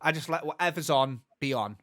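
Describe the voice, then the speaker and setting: A man's voice: on the high side, brisk, a bit bright, no room sound, clean studio sound. A man co-hosting a gaming podcast, talking casually and rambling with lots of restarts and asides. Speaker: podcast co-host. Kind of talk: casual chat.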